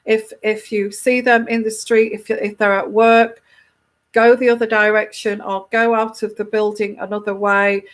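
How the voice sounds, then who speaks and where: A woman's voice: medium pitch, little pitch movement, normal speed. A woman tarot reader giving casual advice to a viewer, emphatic, often repeating herself and restarting her sentences.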